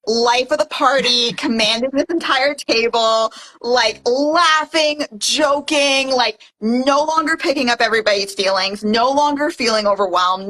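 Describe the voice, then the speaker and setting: A young woman from Canada telling a personal story in an animated way, with lots of "like". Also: on the high side, rough recording. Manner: fast and animated, heavy use of "like". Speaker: guest. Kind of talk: casual testimonial storytelling.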